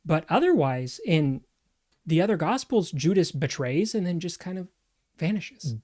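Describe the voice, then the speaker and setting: A man co-hosting a talk, his voice sitting a bit high for a man. He speaks in a measured, steady way and reads passages aloud at an even pace. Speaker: co-host. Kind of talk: casual discussion and scripture reading.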